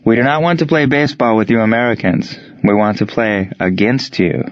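A man voicing a proud German prisoner of war who speaks in stiff, formal, measured phrases. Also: on the low side, lively intonation, dry recording, close to an everyday voice. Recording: dry, dull lo-fi sound.

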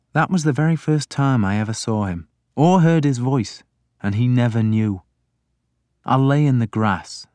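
A man narrating a story in the first person, measured and wry. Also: fairly low pitch, darkish tone, no echo, studio quality. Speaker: audiobook narrator.

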